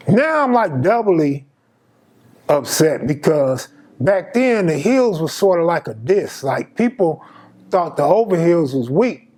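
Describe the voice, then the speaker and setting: A man's voice: fairly high pitch, measured pace. A man in his fifties from Los Angeles telling a personal story in casual, slangy street talk, acting out the dialogue. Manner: slangy, animated, acts out dialogue. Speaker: storyteller host.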